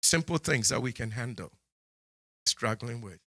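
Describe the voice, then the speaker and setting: A man preaching a sermon in church as the pastor, scolding his congregation and swinging from low asides to high exclamations. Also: expressive, a little slow, sharp tone.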